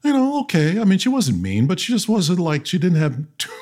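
A man's voice: sits high, fairly quick. Wry guy guesting on a podcast over a video call, voice swings up and down a lot. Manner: wry, animated storyteller. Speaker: guest, actor and pilot.

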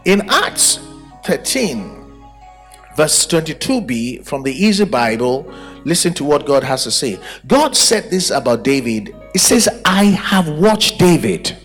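A man's voice: medium pitch, big pitch swings, unhurried, fairly bright tone, faint music behind. A man preaching a sermon at a church service, emphatic and full of rhetorical questions. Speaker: pastor.

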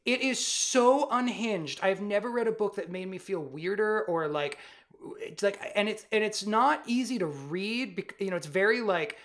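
A podcast co-host in casual chat, rambling excitedly with many "like"s and restarts. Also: mid-range voice, moderate pace. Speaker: parent.

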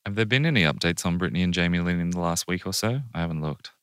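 A woman co-hosting a podcast, answering calmly with short remarks. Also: rumbling low, quick pace, clean tone, no echo, studio quality. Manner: calm, short replies and listening noises. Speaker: podcast co-host. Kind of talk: casual chat.

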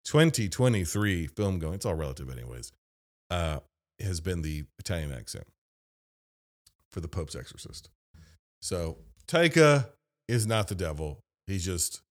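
A man hosting a podcast, giving a casual, opinionated movie review, blunt and rambling, with fillers and asides. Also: lowish voice. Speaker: podcast host and film reviewer.

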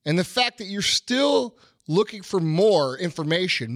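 A man's voice: high-pitched, sing-song, measured pace, a bit bright, no echo, studio quality. A middle-aged man hosting a podcast, delivering a blunt, profane motivational rant with heavy repetition. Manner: blunt, emphatic, swearing, repeats phrases. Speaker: podcast host.

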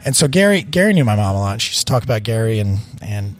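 A man's voice: lowish voice, very animated, fast talker. Rambling storytelling man from North Carolina. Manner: rambling, repeats words, says "man" and "you know". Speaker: bar owner, interview guest. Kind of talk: casual storytelling interview.

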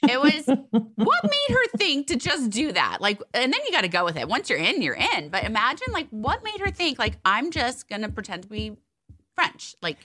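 Lively woman podcast co-host. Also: high-pitched, moderate pace. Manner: animated, laughing, emphatic. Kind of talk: casual chat and read ads.

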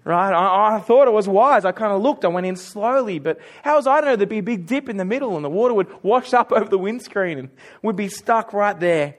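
High-voiced Australian preacher telling stories. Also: male voice, lively intonation, a little fast. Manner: conversational storytelling with self-mocking humor. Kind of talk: sermon.

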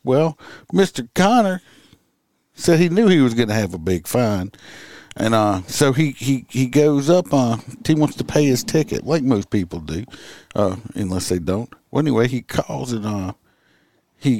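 A man's voice: medium pitch, dark tone, no room sound. A man co-hosts a casual podcast. He spins his police stories in a folksy, cussing way, full of "uh"s, and his voice sits dry and close to the mic. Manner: folksy, profane storytelling with many fillers. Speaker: podcast co-host, police officer.

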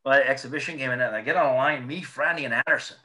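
A man, a former hockey player, telling animated, profane anecdotes in a casual chat, laughing as he goes. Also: mid-range voice, racing.

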